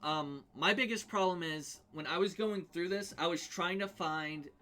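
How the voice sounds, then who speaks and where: A man's voice: sits high, normal speed, bright, forceful tone. A male game streamer talking casually through a team build, thinking aloud with lots of ums and restarts.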